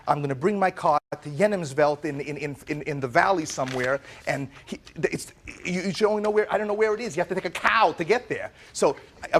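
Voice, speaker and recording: A man testifying as plaintiff in a television courtroom. He tells his story dramatically, acting out the lines of the people involved. His voice sits a little high for a man. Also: brisk. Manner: dramatic, acts out quoted dialogue. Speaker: plaintiff in small claims court.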